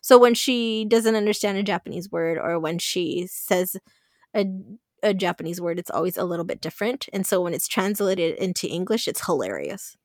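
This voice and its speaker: A woman co-hosting a podcast in casual chat, animated, laughing often and swearing freely. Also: on the low side, moderate pace, no room sound, studio quality. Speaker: podcast co-host.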